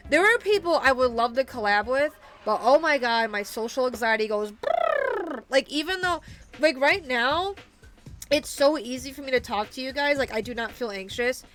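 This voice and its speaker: A young woman with a slightly high, very animated, fairly bright voice streams a video game, chatting casually with her viewers at normal speed while faint music plays behind. She rambles, talking to chat with lots of fillers and restarts.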